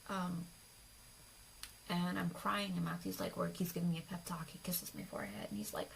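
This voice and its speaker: Young woman, gravelly, confiding storyteller; soft near-whispers, light background noise. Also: lowish voice, little pitch movement, normal speed, rough recording. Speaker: vlogger. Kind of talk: personal storytelling to camera.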